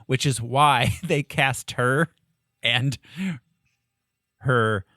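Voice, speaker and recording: A man's voice: mid-range voice, extremely slow, sharp tone, no room sound, studio quality. A man hosting a casual podcast chat, laughing often as he runs the segments. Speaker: podcast host.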